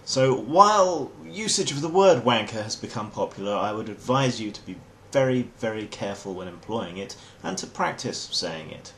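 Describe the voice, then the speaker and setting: A man's voice: on the low side, lively intonation, normal speed, hardly any pauses, fairly bright tone, slight background noise. An English man hosting a comic explainer monologue in a dry, wry, mock-formal manner. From England. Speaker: host.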